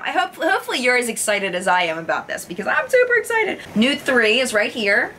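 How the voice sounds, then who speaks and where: A woman beauty vlogger doing a makeup review, showing swatches, gushing and exclaiming with excitement. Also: fairly high pitch, fairly quick, hardly any pauses, slight background noise.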